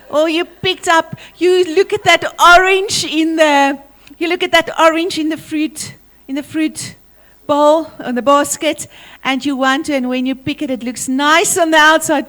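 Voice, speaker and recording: A woman's voice: sits high, fairly bright tone. A woman with a South African accent leading a school assembly, talking energetically and playfully as she calls out to pupils.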